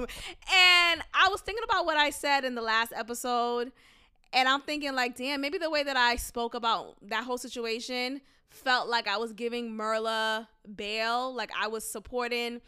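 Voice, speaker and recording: A woman hosting a solo commentary podcast, talking in an animated, sassy way with mocking rhetorical questions and frequent laughter. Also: on the high side, smooth. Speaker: podcast host.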